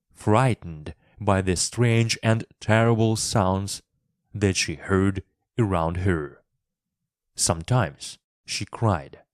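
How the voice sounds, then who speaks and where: Slow, low-voiced male storyteller. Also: dry recording, clean studio sound. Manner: expressive, clearly paced reading. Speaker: storyteller and English teacher. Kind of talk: scripted narration for English learners.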